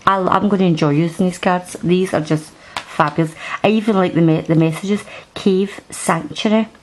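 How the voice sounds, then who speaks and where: A woman's voice: lowish voice, fairly even intonation, moderate pace, a little hiss or hum, poor audio. A woman chatting through a card deck review at home, rambling and restarting her sentences. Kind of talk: casual show-and-tell review. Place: at home, indoors.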